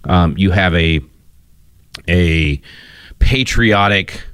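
A man's voice: sits low, extremely slow, fairly bright tone, clear, resonant tone, dry recording, studio quality. A man hosting a radio talk show, speaking casually with frequent restarts and fillers. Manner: rambling, many restarts and fillers.

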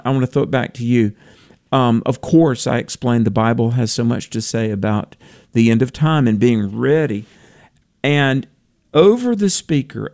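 A man's voice: medium pitch, creaky, a little mellow, dry recording, studio quality. Man telling a story on radio. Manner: storytelling, conversational. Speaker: radio co-host. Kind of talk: casual radio conversation.

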